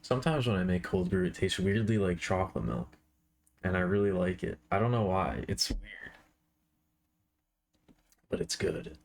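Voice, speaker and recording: A man with a fairly low voice chats on a live art stream. His talk is loose and rambling, with playful asides to his viewers as he works. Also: lively intonation, brisk, creaky, darkish tone. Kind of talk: casual live-stream chat.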